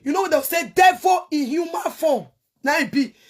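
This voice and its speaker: Very high-voiced Nigerian woman ranting angrily. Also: normal speed, soft background music. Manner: angry, cursing, shouts in bursts. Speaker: online show host. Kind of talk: heated rant to viewers.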